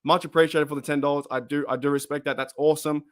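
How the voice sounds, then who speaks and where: A man's voice: on the high side, little pitch movement, fast talker. A middle-aged Australian man hosting a casual live stream, chatting, rambling and laughing often as he reads viewer comments.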